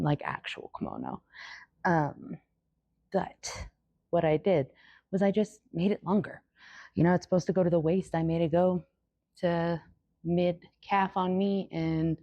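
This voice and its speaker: A woman's voice: fairly low pitch, gravelly, dark tone, no echo. A woman chatting casually in a home vlog, swearing now and then and chatting with her dog. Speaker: vlogger. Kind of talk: casual chat. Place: home, indoors.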